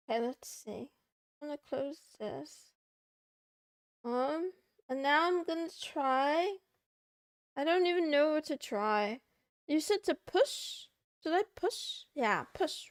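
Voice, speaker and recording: A woman's voice: high-pitched, no room sound, studio quality. A young woman streamer chatting casually to her chat, playful and a bit whiny, meowing and muttering to herself. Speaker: VTuber livestreamer.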